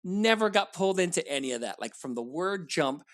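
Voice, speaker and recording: A man's voice: high-pitched, a little fast. A man appearing as a guest on a film podcast, talking emphatically and chiming in often to agree. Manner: animated, emphatic, lots of agreeing. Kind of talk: casual film discussion.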